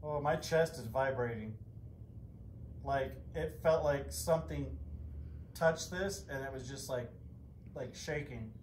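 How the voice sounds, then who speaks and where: A man on a ghost hunt, quietly and flatly relaying the words he hears from a spirit box. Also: mid-range voice, slow pace, pauses often, roomy sound, a little hiss or hum.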